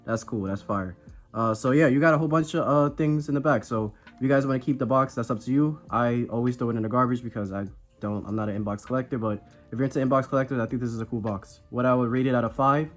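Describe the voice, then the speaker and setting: A man's voice: mid-range voice, fast talker, soft background music. A man with a congested voice, under the weather, giving a rambling, self-deprecating toy review in a casual chat. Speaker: action figure reviewer.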